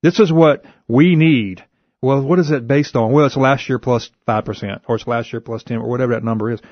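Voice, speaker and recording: A man speaks as a talk radio guest, laying out his points in a calm, measured, explanatory way. His voice sits at an ordinary male pitch. The sound is dry and close, with the dull lo-fi quality of a radio broadcast. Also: dry recording. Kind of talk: policy discussion on talk radio.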